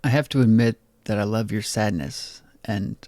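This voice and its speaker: A young man reading his own poetry aloud in a low-key, bitter spoken-word delivery. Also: normal speed, a little mellow, no room sound. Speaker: poet.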